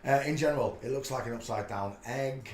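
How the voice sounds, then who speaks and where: A man's voice: mid-range voice, fairly quick, darkish tone, reverberant, slight background noise. A man hosting a casual live stream, chatting in a rambling way with many filler sounds. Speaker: livestream host.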